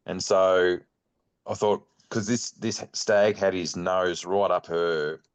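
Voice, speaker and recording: Middle-aged Australian male guest, low-pitched, loose and animated storyteller. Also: slow, clear, resonant tone. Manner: rambling, animated anecdote telling with many fillers. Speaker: guest, bowhunting club chairman. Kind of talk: casual storytelling chat.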